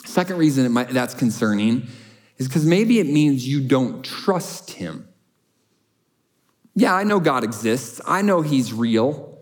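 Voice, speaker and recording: A male pastor preaching a sermon in an earnest, emphatic way, building on repeated short phrases. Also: mid-range voice.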